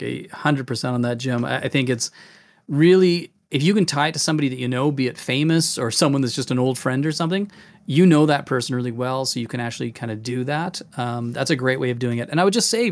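This podcast host and game master talks fairly quickly in a mid-range voice. On his casual show about running tabletop games, he's animated and demonstrative, frequently jumping into voices.

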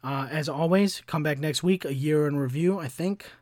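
A man's voice: a little high, moderate pace, a little mellow, no echo, clean studio sound. A young man hosting a solo podcast, chatting loosely, swearing freely and filling gaps with "um" and "like". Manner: loose and profane, heavy with fillers like "um" and "like". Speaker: podcast host. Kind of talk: casual solo podcast monologue.

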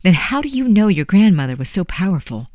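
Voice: medium pitch, very animated, brisk, warm tone, dry recording, clean studio sound, voice pushed up, natural voice. A narrator voicing a curious young man eagerly questioning his teacher.

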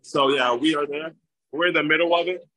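An excited man at a retreat party calls out greetings to people watching online. His voice sits a little high and comes through dry. He talks in loose, cheerful bursts aimed at the whole group. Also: fairly quick, no room sound, poor audio. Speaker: retreat attendee greeting the call.

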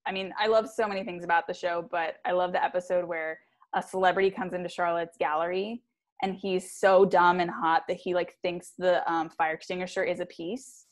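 A woman's voice: lowish voice, flat delivery, a little fast. A woman hosting a podcast in casual chat, rambling and giggly, with lots of "like". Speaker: podcast host.

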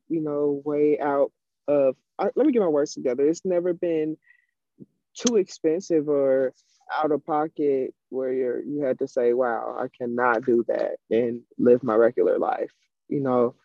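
A man's voice: fairly high pitch, steady tone, a little slow, highs cut off. A man in a casual chat, speaking in a chatty way, searching for his words.

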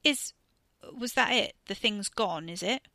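A woman reading the lines of a sharp-tongued, exasperated teenage girl in an audiobook story. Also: medium pitch, animated, measured pace, no echo. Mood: uncertain.

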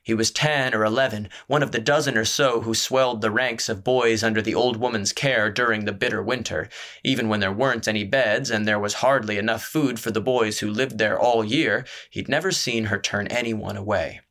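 A man reading a fantasy story aloud as narrator, in a measured, deliberate way. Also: on the low side, fairly even intonation, a bit bright. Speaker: audiobook narrator. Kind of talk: scripted narration.

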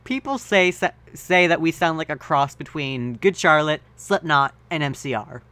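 A man co-hosting a comedy podcast, reading a story aloud deadpan and breaking off for joking asides. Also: fairly high pitch, moderate pace, no room sound. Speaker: podcast co-host and reader.

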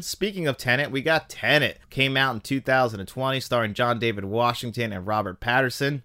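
A man hosting a podcast, giving casual, opinionated commentary as he ranks films, his pitch jumping up when he gets excited. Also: dry recording, clean studio sound. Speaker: podcast host. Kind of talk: casual film-ranking commentary.

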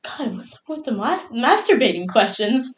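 A young woman co-hosts a loose, giggly podcast chat, peppering her talk with 'like' and curse words. Her voice sits a little high and jumps around a lot. The room around her sounds hollow and echoey. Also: very animated, normal speed. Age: young adult. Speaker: podcast co-host. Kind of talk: casual chat.

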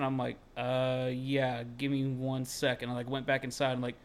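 A man's voice: medium pitch, completely flat delivery, normal speed, clear, resonant tone. A young man telling a long story in casual podcast chat. He rambles, fills his talk with "like" and swears freely. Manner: rambling, heavy on filler "like", swears freely, shouts when quoting himself. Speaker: podcast co-host.

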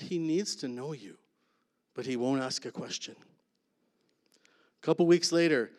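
A man giving a sermon testimony, emphatic, then dropping to a hush on key lines. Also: medium pitch. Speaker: preacher sharing testimony. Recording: long hall reverb.

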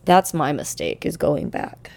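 A young woman telling a personal story in a halting, emotional way, close to tears at times. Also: low-pitched, wildly swooping pitch, creaky, darkish tone. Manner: halting, emotional, with many restarts.

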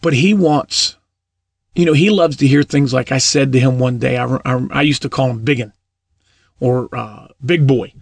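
A man's voice: mid-range voice, normal speed, gravelly, breathy edge, no echo. A middle-aged man preaching in a casual storytelling way, often repeating his words. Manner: warm anecdotal, repeats words, laughs at own stories.

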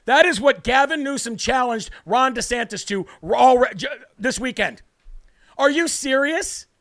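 A man hosting a live political commentary show, fiery and preacher-like, shouting at times. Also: very high-pitched. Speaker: host.

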